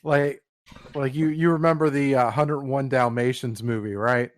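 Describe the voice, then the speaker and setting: A man's voice: mid-range voice, fairly even intonation, normal speed, dry recording. Crude storytelling man on a podcast. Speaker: podcast co-host. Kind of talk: casual chat. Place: Pennsylvania.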